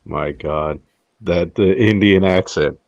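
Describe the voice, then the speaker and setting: Deep-voiced man with exclamatory reactions. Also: slow pace, no echo, muffled recording. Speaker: podcast co-host. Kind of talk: casual chat.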